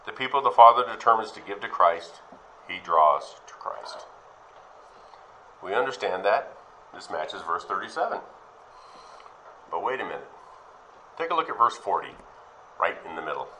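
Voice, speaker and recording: Male preacher, low and forceful, reads verses then asks questions, faint hiss. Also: big pitch swings, moderate pace, long pauses, low-quality recording. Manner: reads scripture aloud, then questions and explains it. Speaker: Bible teacher. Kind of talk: Bible teaching sermon.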